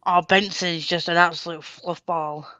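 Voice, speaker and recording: A woman's voice: lowish voice, fairly even intonation, normal speed, bright, forceful tone, no room sound, muffled recording. A woman hosting a casual live stream, rambling through stories and laughing often, on a webcam mic. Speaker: livestream host. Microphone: computer webcam mic.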